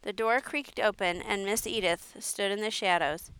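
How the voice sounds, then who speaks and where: A woman reading a children's story aloud in a clear, steady storytelling voice. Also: medium pitch, moderate pace. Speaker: story reader. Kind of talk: audiobook narration.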